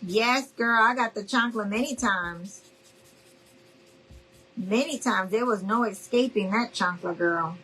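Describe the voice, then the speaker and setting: A woman's voice: medium pitch, a little slow, bright, forceful tone, husky, faint music behind, low-quality recording. A middle-aged woman hosting a casual live crafting demo, chatty and friendly, calling her viewers y'all. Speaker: craft tutorial host.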